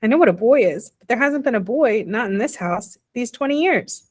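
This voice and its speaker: A woman's voice: on the high side, animated, brisk, darkish tone, slightly rough. A woman reading the part of a small, anxious mother who frets and pleads in worried questions. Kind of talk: audiobook character reading.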